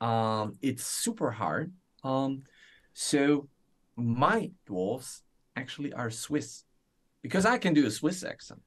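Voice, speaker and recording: A man on a live stream, casually explaining a software patch, with frequent ums and an easygoing manner. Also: medium pitch, takes it slowly. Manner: relaxed, explains plainly, many ums. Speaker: developer guest on a product stream.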